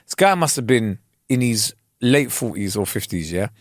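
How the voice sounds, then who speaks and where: Animated, lively man telling stories. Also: fairly low pitch, normal speed, no echo, clean studio sound. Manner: animated storytelling with lots of slang. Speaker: podcast co-host. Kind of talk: casual chat.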